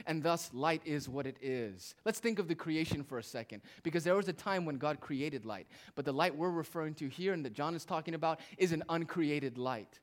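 A man's voice: on the high side, fairly quick, hardly any pauses. Man preaching with big swings in volume. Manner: preaching with dramatic swings between loud emphasis and hushed asides. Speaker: pastor. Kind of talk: sermon.

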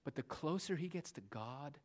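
Man preaching, hushed to raised. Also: on the high side, expressive, normal speed. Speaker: pastor. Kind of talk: sermon. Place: church.

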